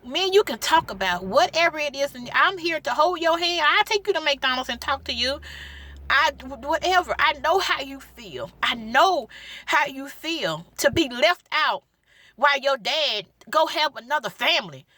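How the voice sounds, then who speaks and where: Earnest high-voiced woman giving a testimony. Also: expressive, normal speed, sharp tone. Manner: pleading, repeats phrases for emphasis, Southern Black church cadence. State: tearful at times. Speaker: gospel singer sharing her testimony. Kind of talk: emotional personal testimony.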